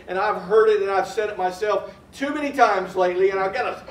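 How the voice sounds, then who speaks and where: A man preaching a sermon as pastor, earnestly reciting hymn verses slowly and urging his congregation on. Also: sits high, slight background noise. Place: church sanctuary. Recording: echoey church room from a distant mic.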